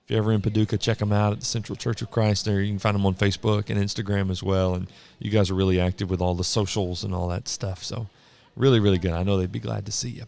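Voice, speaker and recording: A man's voice: fairly low pitch, flat delivery, quick pace, vocal fry, darkish tone. A man hosting a podcast interview in a casual, joking way, laughing often while he chats with his guest on a convention hall floor. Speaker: podcast host.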